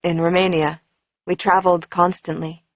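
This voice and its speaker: Woman reading a soft-spoken mysterious boy. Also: fairly low pitch, little pitch movement, normal speed, dry recording, highs cut off, natural voice. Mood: gentle. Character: mysterious gentle teenage boy.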